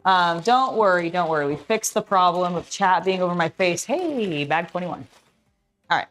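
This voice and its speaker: Tired, excitable woman streamer. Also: on the low side, moderate pace, soft background music. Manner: scattered, excitable, self-talking. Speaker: streamer building a LEGO set. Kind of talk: casual live-stream chat.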